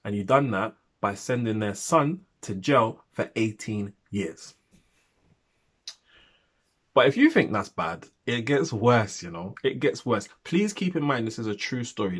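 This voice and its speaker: A man's voice: fairly low pitch, husky. A man in his thirties chatting casually in a video review, rambling and repeating himself for emphasis. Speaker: film reviewer.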